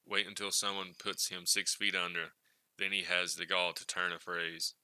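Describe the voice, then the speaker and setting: Man reading a cold scheming crime boss, sneering, deep, bright edge. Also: flat delivery, moderate pace, smooth, dry recording, rough recording.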